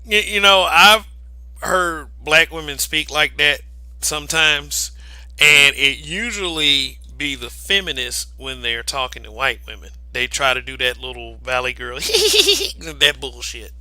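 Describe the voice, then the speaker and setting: Bright-voiced man talking frankly. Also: medium pitch, measured pace, no room sound, low-quality recording. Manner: emphatic, many restarts, laughs between points. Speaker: podcast co-host. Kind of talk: casual discussion.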